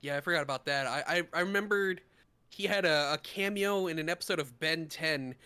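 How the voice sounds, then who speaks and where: A man co-hosting a casual podcast chat, his voice a touch high and strikingly bright. He talks in animated bursts with quick asides and breaks into laughter often. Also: clean tone. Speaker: podcast co-host.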